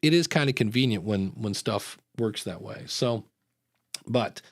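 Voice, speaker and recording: A man's voice: lowish voice, measured pace, dry recording, studio quality. A man hosting a live podcast, talking in a rambling, jokey, upbeat way. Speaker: podcast host. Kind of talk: casual live chat.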